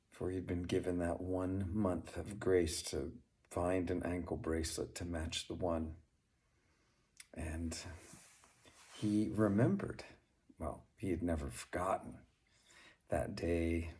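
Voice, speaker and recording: A man narrating a folk tale as a storyteller, with unhurried delivery and chatty asides to the listener. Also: low-pitched, a little mellow.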